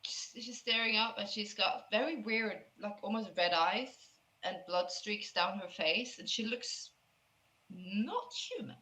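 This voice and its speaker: A woman narrating as game master of a tabletop game in a casual, halting way. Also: medium pitch, bright, forceful tone, reverberant, a little hiss or hum, poor audio.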